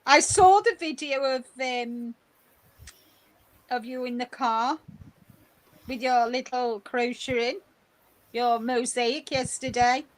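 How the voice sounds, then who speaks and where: Slow, hesitant woman in casual chat. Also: on the high side, rough recording. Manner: hesitant, searches for words.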